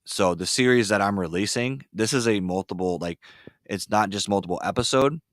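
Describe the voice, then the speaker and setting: A man hosting a casual podcast, rambling with lots of fillers and telling excitable stories. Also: lowish voice, a little fast. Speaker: podcast host. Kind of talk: casual chat. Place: ice fishing shanty.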